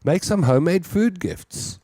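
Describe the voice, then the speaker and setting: A man's voice: high voice, animated, a little slow, mellow, dry recording, studio quality. A man hosting a call-in show, reading listeners' comments and chatting about them. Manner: chatty, reads comments aloud and riffs on them. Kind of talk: casual chat.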